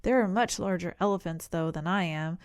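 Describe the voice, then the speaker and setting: Woman narrator playing a polite baby elephant boy in a storybook; bright, earnest, dry close read. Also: fairly low pitch, fairly quick, clean tone, no echo, close to an everyday voice.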